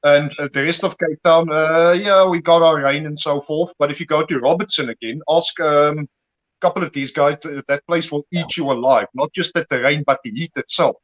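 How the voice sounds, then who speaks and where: A man's voice: fairly high pitch, moderate pace, dull audio. A man from South Africa with a South African accent, talking earnestly as a guest on a casual stream. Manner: earnest, warm praise of other players. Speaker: guest player. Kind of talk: casual live-stream chat.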